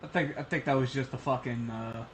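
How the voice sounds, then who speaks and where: A man chatting casually while playing a co-op game on stream, swearing often and breaking into excited shouts. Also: medium pitch, fairly quick, a little hiss or hum. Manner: swearing, laughing, excitable outbursts. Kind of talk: casual gaming chat.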